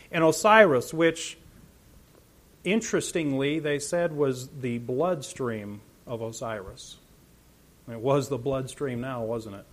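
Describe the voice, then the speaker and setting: Man, preacher, high voice, animated sermon, rhetorical questions, loud peaks and quiet asides.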